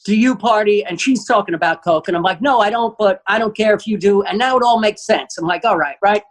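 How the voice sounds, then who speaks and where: A man, a guest comedian telling an animated, profane story and acting out the quotes. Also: high voice, fairly quick, rough recording.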